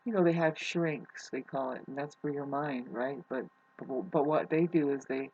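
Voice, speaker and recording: A vlogger musing in a soft, quiet way, hesitant and full of restarts. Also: mid-range voice, fairly even intonation, moderate pace, husky, highs cut off. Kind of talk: rambling spiritual musing.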